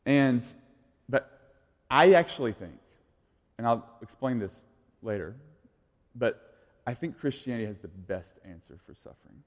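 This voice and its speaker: A pastor in his thirties preaching a sermon in a casual, conversational way, moving from quiet asides to lively storytelling. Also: mid-range voice, measured pace, pauses often. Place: church sanctuary. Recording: long reverb of a large hall.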